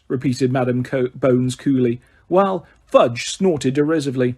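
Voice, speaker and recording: A man's voice: mid-range voice, normal speed, a little mellow, slightly rough. A man reading an audiobook aloud as narrator, telling the story steadily.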